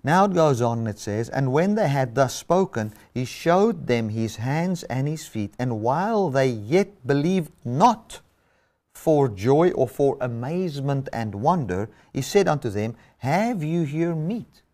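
A man's voice: medium pitch, expressive, measured pace, darkish tone. A man preaching a sermon, reading and explaining scripture with emphatic stress.

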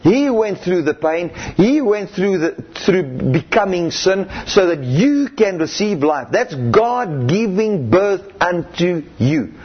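A man's voice: high voice, very animated, takes it slowly, few pauses, slightly rough. A middle-aged man preaching a sermon, emphatic and repetitive, punctuating points with hallelujah and amen, on a muffled lo-fi recording.

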